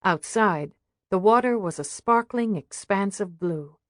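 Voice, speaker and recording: A woman narrating an audiobook in a steady, even reading. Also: medium pitch, a little slow, no room sound, studio quality. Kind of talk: scripted narration.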